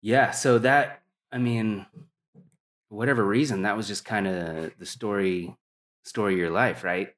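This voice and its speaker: A man's voice: on the low side, fairly even intonation, unhurried, fairly bright tone. A man interviewing a relative, prompting with short questions and backchannels.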